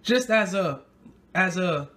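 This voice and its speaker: A man hosting a sneaker unboxing vlog, excitable and slangy, talking straight to his viewers. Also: high voice, takes it slowly. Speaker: sneaker vlogger.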